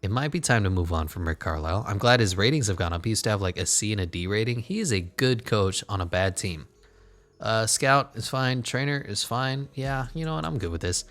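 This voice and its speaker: A man's voice: lowish voice, lively intonation, fairly quick, fairly bright tone. A man commentating his basketball video game in a casual, sarcastic way, swearing and muttering asides. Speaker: gaming channel host.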